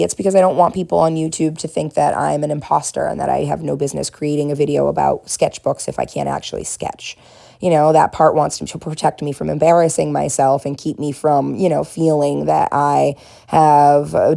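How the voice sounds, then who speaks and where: A woman with a faint Boston accent talks through her painting in a low, mellow, gravelly voice. She reflects gently and encourages her viewers, and laughs at herself now and then. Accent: faint Boston, mostly smoothed out. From Boston area. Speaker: art vlogger and therapist. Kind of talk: casual reflective talk while painting.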